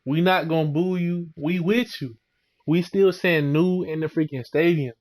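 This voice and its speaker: A young man, his voice sitting a little high, rants in a casual, slangy way. He keeps circling back to "bro" and "man" as he vents like a fed-up fan. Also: steady tone, unhurried. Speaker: sports vlogger.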